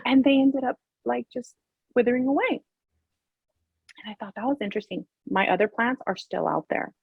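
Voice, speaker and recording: A woman in relaxed conversation, a therapist and life coach telling a personal story with lots of animation. Her voice has a husky, slightly breathy grain. The sound is dry and close, with little room around it. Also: moderate pace, dry recording, phone-quality sound. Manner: animated, acts out quoted voices with big pitch jumps. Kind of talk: casual storytelling chat.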